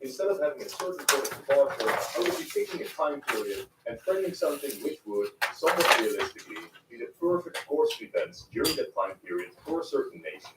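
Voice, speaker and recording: A man reads a scripted video intro in a measured, explanatory manner, his pitch moving a lot. He sounds distant in an echoey room, buried under loud noise. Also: big pitch swings.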